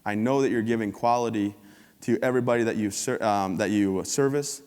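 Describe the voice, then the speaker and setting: A man's voice: lowish voice, brisk, darkish tone, clean tone. A man in his thirties giving an upbeat, joking motivational talk from a stage, acting out little scenes and voices. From United States. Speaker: keynote speaker. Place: conference hall stage before an audience. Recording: long hall reverb.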